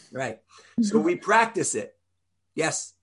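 A man's voice: on the high side, big pitch swings, takes it slowly, fairly bright tone, slightly rough. A rabbi teaching an informal Torah class, explaining step by step and quizzing his listeners in a conversational way.

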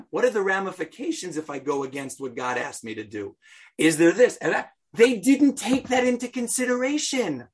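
A man's voice: high voice, a bit bright, breathy edge. A man teaching an informal Bible class, joking and talking to the group directly. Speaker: Torah teacher.

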